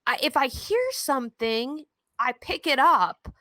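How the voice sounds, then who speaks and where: Bright high-voiced New York woman. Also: a little slow, no room sound. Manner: chatty, rambling, self-aware. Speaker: podcast co-host. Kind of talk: casual chat.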